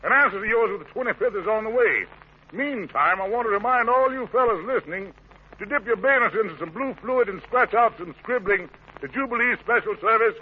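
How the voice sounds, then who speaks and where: A man hosting an old radio show, trading quick slangy patter in comic banter, heard on a dull lo-fi 1940s radio transcription. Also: high voice, lively intonation, slight background noise.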